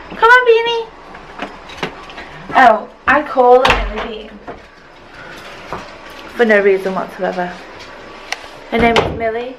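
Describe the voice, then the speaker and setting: This vlogger, a woman in her twenties, talks to camera indoors at home in a voice on the high side, with background noise present. Her casual chat rambles along and is self-mocking.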